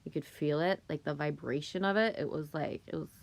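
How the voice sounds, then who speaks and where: A woman's voice: low voice, a little fast, gravelly. A woman, hosting a casual livestream, chatting with viewers and telling stories in a chatty way, swearing now and then. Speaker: livestream host reading chat.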